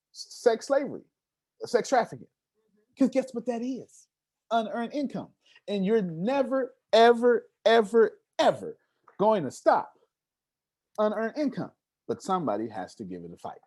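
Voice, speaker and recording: A man speaks at a live seminar with a lively, swinging pitch. He hammers points home by repeating words and keeps asking his small audience whether they follow. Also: a little slow. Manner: emphatic, preacher-like repetition and questions to the audience. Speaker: motivational speaker.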